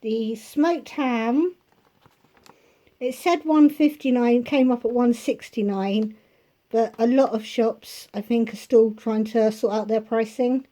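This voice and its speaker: A woman with a slightly high but mellow, warm voice talks through a grocery haul in her home kitchen. She chats casually and keeps wandering into asides. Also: slow. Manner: rambling, with chatty asides. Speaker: vlogger showing a grocery haul. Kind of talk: casual chatty haul video.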